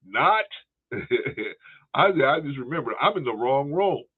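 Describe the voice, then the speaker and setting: A man's voice: mid-range voice, expressive, measured pace, breathy edge. A man hosting a livestream, giving casual commentary, laughing often and peppering his talk with "man" as he thanks viewers for donations. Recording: tinny phone-like audio.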